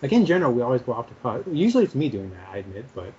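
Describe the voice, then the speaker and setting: Fast rambling man on a lo-fi podcast. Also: medium pitch, sing-song, darkish tone, husky. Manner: rambling, filler-heavy, laughs often. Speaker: podcast co-host. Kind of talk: casual chat. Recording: dull lo-fi sound, faint noise.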